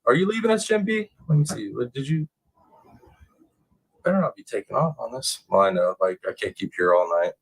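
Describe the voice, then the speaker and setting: Excitable man hosting a true crime livestream. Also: fairly quick, husky, low-quality recording. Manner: excitable, swears, bursts into high-pitched exclamations. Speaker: livestream host. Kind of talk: casual live chat reading comments.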